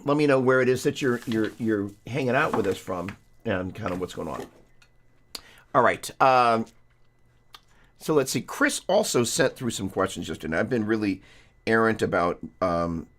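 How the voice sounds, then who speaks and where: A man with a fairly low voice talks through guitar theory on a live stream. He rambles in a friendly, chatty way, restarting sentences and breaking off to greet viewers. A guitar is heard behind him. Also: animated, moderate pace. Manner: rambling, self-interrupting, chatty.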